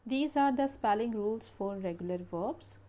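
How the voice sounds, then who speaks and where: A woman's voice: medium pitch, animated, moderate pace, dark tone. A woman teaching English grammar, reading out rules and verb lists as careful drills. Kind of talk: slow grammar lesson narration.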